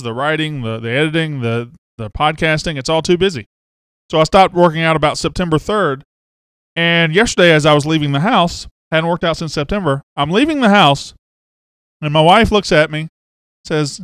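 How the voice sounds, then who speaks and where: Hosting a laid-back sports live stream from a webcam setup, a Mississippi podcast host chats and reads viewer comments aloud. His fairly high voice has lively intonation, a moderate pace and a slightly bright quality. The tone is clean, with no room sound and clean studio sound.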